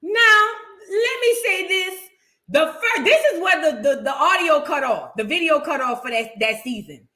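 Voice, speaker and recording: A woman hosting a reaction show, giving blunt, profane, animated commentary in a casual way. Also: very high voice, moderate pace.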